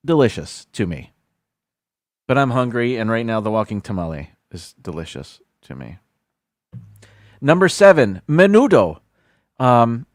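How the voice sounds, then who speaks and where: Chatty man reading a list, lively pitch. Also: no room sound, clean studio sound. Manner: reads haltingly, stumbles over foreign words, self-deprecating asides. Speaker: livestream host.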